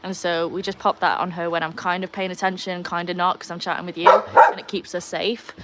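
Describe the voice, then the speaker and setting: A woman's voice: on the low side, level tone, a little fast, heavy background noise. A Welsh woman hosting a casual live stream from beside a backyard pool, reading out viewer comments and talking to her dogs. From Wales. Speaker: livestream host.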